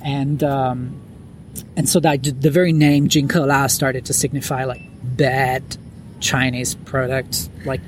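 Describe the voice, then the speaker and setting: A man's voice: mid-range voice, little pitch movement, slow pace, slight background noise. A man as a podcast guest, talking casually with lots of fillers and restarts, recorded outdoors on a lawn at night. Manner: rambling, many fillers and restarts. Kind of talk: casual interview chat.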